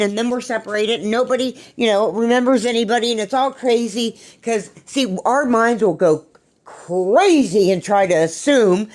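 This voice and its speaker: Candid woman giving a spiritual pep talk. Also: medium pitch. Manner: earnest, preachy, candid with occasional swearing; confessional, speaks of her own recovery. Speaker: podcast host. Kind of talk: spiritual self-help talk.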